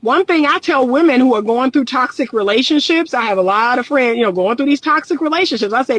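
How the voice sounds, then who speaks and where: A woman's voice: fairly high pitch, expressive, a little fast, no room sound, low-quality recording. A middle-aged woman and relationship coach, talking candidly and emphatically in a casual livestream, repeating her points and often laughing.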